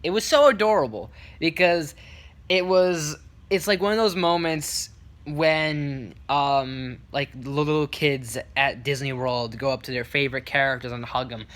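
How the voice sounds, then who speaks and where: Rambling male vlogger with a bright voice. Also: on the high side. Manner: rambling, full of restarts and fillers; lively retelling with quick quoted voices. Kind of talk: casual story time.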